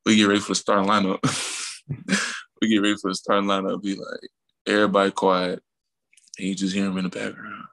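Deep flat gravelly young man. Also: fairly quick, pauses often, rough recording. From Mississippi. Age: young adult. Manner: relaxed, rambling with fillers and restarts, laughs while telling stories. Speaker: college basketball player, guest. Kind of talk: casual interview storytelling.

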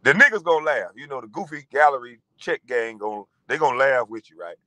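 A man in his forties ranting in a profane monologue, animated and mocking, breaking into laughter. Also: medium pitch, fairly quick, no room sound, rough recording. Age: 40s. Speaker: vlogger.

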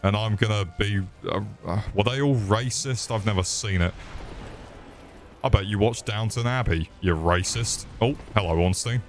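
With a voice on the low side and soft music playing behind him, a young man narrates his gameplay live at a moderate pace. He swears, cracks jokes, and lets out panicked yelps when the game turns against him.

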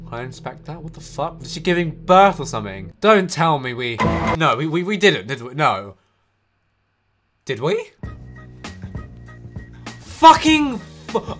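A young man giving casual, sarcastic gameplay commentary with swearing and jumpy shouts. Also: medium pitch. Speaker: streamer.

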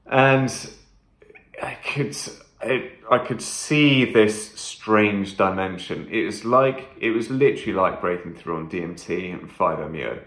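A man's voice: on the low side, measured pace, a bit bright, roomy sound. A man vlogging a first-person trip report, talking intensely and emphatically, swearing often and repeating phrases.

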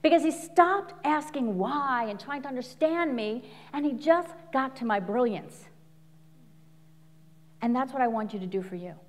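A middle-aged woman coach giving an animated live talk full of stories, laughing often and acting out quotes. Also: high voice, moderate pace, in a large hall. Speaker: speaker and coach. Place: large venue before an audience.

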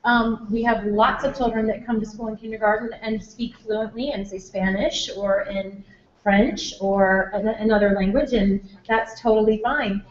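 A woman's voice: medium pitch, fairly even intonation, moderate pace. Female teacher, parent workshop, chatty and rambling; dull echoey room sound. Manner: chatty, with many fillers and restarts. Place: school room or hall.

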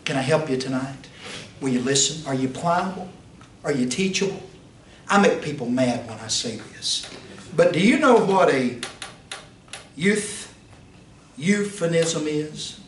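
Fiery high-voiced preacher. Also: male voice, animated, unhurried, long pauses. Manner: rhetorical questions, pitch swings, rises to shouts. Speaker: pastor teaching a Bible institute class. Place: church classroom. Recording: roomy, distant mic, faint hiss.

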